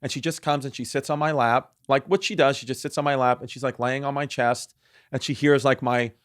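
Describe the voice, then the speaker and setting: A man in his thirties hosting a casual comedy podcast. He rambles through his stories with constant restarts and fillers. His voice sits at an ordinary middle pitch. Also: steady tone, a little fast, no echo, studio quality. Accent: New York. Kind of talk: casual chat.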